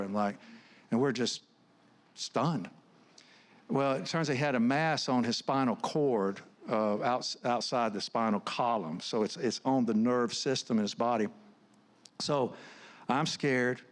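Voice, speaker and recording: A man's voice: medium pitch, steady tone, normal speed. A middle-aged man, giving an earnest, conversational sermon full of personal stories, often restarting his words. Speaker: guest speaker, counselor. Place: church stage.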